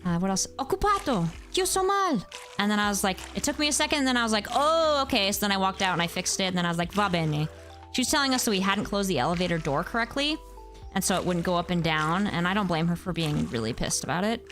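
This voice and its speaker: A woman's voice: on the low side, racing. Chatty woman streamer, faint music behind. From United States. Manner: chatty, answers chat, animated exclamations. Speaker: game streamer. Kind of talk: casual chat while gaming.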